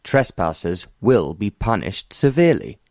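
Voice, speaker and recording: A man's voice: on the low side, moderate pace, a little mellow, dry recording, clean studio sound, close to an everyday voice. A man doing a sneering domineering bully. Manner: harsh, sneering, emphatic.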